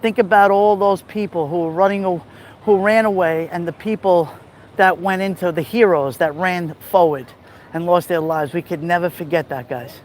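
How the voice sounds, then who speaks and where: A man's voice: high-pitched, slight background noise. A man vlogging outdoors, out of breath, talking emphatically and repeating himself to his viewers. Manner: emphatic, repetitive, addresses viewers directly. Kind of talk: walking vlog monologue. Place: outdoors on a city street near a beach.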